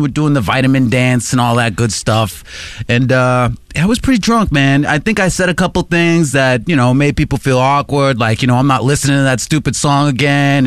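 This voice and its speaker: A man's voice: medium pitch, dry recording. A man, co-hosting a podcast, chatting and joking in a playful way. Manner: playful, jokes, does mock accents. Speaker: podcast co-host. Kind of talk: casual banter and storytelling.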